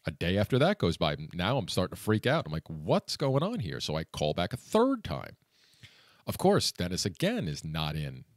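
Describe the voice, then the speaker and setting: Low-voiced male vlogger, frustrated and rambling, close dry sound. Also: wildly swooping pitch, moderate pace, dry recording. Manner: frustrated, venting, lots of "you know" fillers. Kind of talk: personal vlog storytelling.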